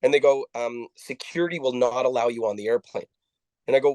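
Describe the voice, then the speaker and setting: A man, an interview guest telling his story in a halting way, with many restarts and quoted dialogue. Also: mid-range voice, fairly even intonation, darkish tone, no echo, poor audio. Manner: halting, with frequent restarts and repeated words; acts out the dialogue of people he quotes. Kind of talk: conversational storytelling.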